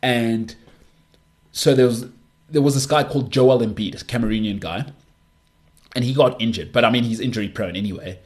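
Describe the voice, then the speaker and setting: A man's voice: medium pitch, normal speed, long pauses. A man hosting his own show, delivering an emphatic, scornful sports rant full of repetition. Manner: emphatic, scornful, repeats himself. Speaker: show host.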